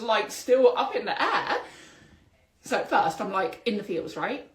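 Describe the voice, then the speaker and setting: Animated woman in a roomy echo. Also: on the high side, moderate pace. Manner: animated, exclamatory, spiritual vocabulary. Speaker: podcast host. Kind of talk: solo podcast storytelling.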